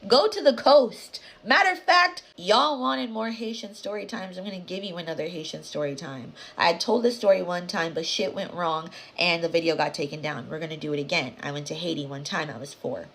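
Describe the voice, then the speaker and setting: Woman, slightly low voice, casual spooky storytelling, dramatic, swears, talks to viewers, hushed whispers. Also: fairly quick, creaky, few pauses. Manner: dramatic, animated, swears and addresses viewers directly; drops to hushed whispers for suspense.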